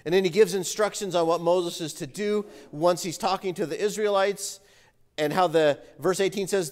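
A male pastor preaching a sermon, animated as he reads scripture and comments on it. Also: high-pitched, normal speed. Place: church sanctuary. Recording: reverberant church hall.

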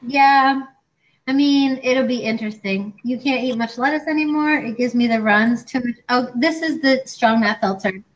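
High-voiced gal in her 40s, chatty and animated, casual co-host talk. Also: moderate pace, rough recording. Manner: chatty and animated, acting out quoted doctors. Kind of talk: casual chat.

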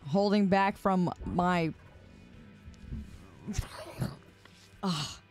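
A woman's voice: lowish voice, drawn-out words, over loud music. A tired woman streaming a game, chatting casually with her viewers in an exasperated, laughing manner on a close mic. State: tired from staying up. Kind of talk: casual live-stream chat while gaming. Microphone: close desk mic.

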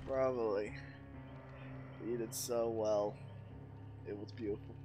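A man's voice: fairly low pitch, steady tone, slow, over music. A man hosting a casual gaming stream on a headset, chatting with a friend and laughing often as he talks. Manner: giggly, laughs often while talking. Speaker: streamer host.

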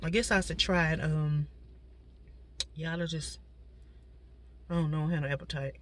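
Speaking from a parked car, this woman vlogger keeps up a relaxed mukbang chat in a low, fairly even voice at a moderate pace. She sounds a little stuffy from a cold and talks right to her viewers with plenty of asides, over a faint hiss or hum.

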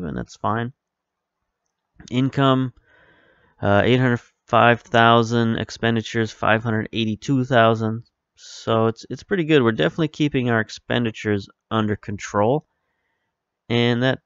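A lower-pitched man with a smooth, clear voice talks his way through a management game in a loose, rambling way, often stopping to correct himself mid-sentence. He is close to the mic in a dry room, and the sound is a little dull. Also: no echo. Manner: rambling, self-correcting, relaxed. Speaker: video game let's-play host. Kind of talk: casual commentary over gameplay.

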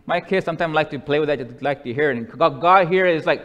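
A man preaching a sermon slowly and deliberately, sometimes dropping to a soft hush. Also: fairly high pitch. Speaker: pastor. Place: church sanctuary. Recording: long church reverb.

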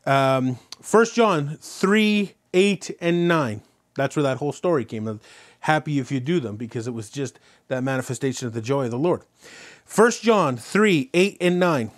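A man preaching a sermon as pastor, telling a story and then driving points home with repeated rhetorical questions. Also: a little high. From Canada. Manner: animated preaching, rhetorical questions, rising loud on key points.

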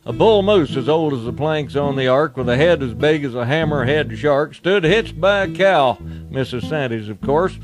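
A man's voice: a little high, animated, normal speed, music in the background. A man reciting a comic cowboy poem in a folksy rhyming style. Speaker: cowboy poet.

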